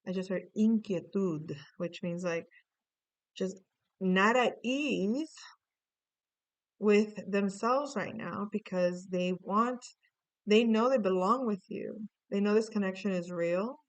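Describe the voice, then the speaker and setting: A woman's voice: mid-range voice, slow pace. A woman doing a casual tarot reading, rambling with lots of fillers and restarts, swearing now and then. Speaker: tarot reader.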